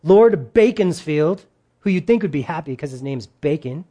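A preacher delivers a sermon to a congregation. The talk is lively and informal, with jokes and quotes acted out in other voices. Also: mid-range voice, normal speed. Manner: lively, jokey asides, acts out quotes in put-on voices.

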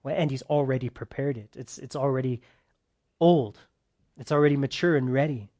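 Speaking at a moderate pace in a mid-range voice, a preacher delivers a conversational sermon full of questions to his listeners. He alternates between loud, emphatic bursts and soft, quiet passages.

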